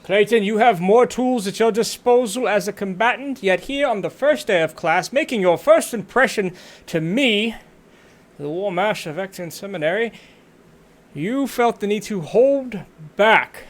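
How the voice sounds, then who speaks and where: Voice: mid-range voice, lively intonation, moderate pace, lightly acted. A game master voicing a stern War Master professor who barks orders like a drill sergeant. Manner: barking, commanding.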